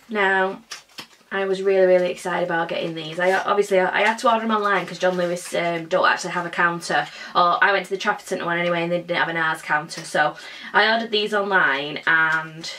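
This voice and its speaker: A woman's voice: mid-range voice, pushed and bright, recorded from a distance, a little hiss or hum. Bubbly young woman vlogging. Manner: bubbly and chatty, with drawn-out exclamations. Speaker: beauty vlogger. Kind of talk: casual unboxing chat.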